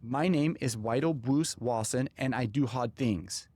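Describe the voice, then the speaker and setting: A man putting on the voice of an excited toddler boy, with lisping baby talk. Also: on the high side, measured pace, slightly rough, no room sound, voice pushed up, exaggerated voice. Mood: proud.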